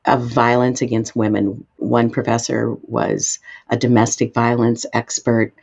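A woman guest expert answering interview questions, explaining in an emphatic way with sudden lifts in pitch. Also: level tone, measured pace, creaky, a little mellow, breathy edge, muffled recording.

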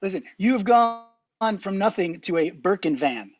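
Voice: medium pitch, expressive, a little slow, muffled recording, faint music behind. An enthusiastic host interviewing a guest in casual chat, effusive and full of praise.

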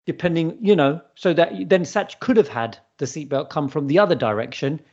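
A man with a British accent co-hosting a podcast in casual chat, rambling and enthusiastic as he pitches an idea. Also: fairly quick, darkish tone, muffled recording. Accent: British English. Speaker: podcast co-host.

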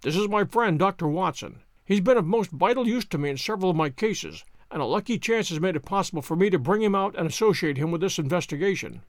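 A man voicing a calm, reserved detective who explains a puzzling case in a measured way. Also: sits high, no room sound, studio quality.

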